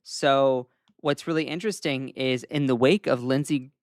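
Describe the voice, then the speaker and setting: A Southern-accented man talks through the news on a livestream. His tone is casual and wry, and he often pauses on "um." His voice sits at a medium pitch and sounds close and dry, with no room echo. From Southern United States. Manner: casual, chatty, frequent "um" fillers, wry asides. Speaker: host.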